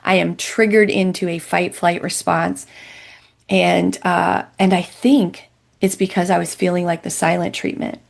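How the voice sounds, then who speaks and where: A woman's voice: fairly low pitch, flat delivery, vocal fry. A middle-aged woman, a Christian counselor, earnestly telling a personal story as a guest in a podcast interview. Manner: earnest, reflective, with quick bursts and slow emphatic phrases.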